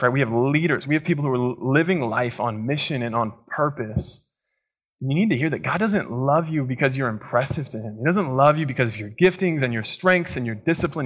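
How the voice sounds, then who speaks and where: Man preaching a casual, lively sermon. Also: medium pitch, slightly rough. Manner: conversational, animated storytelling with asides. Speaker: pastor. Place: church.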